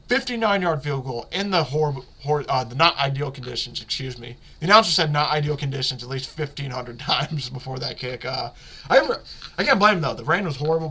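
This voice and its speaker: Excitable, bright-voiced man rambling about football. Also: a little high. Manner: rambling, excitable, self-correcting. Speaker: podcast host. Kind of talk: casual sports talk.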